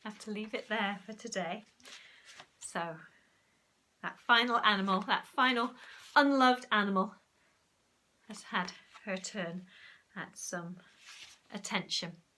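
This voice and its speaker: A woman teacher, reading a storybook aloud in an animated, expressive way. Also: medium pitch, slow, long pauses, a little hiss or hum.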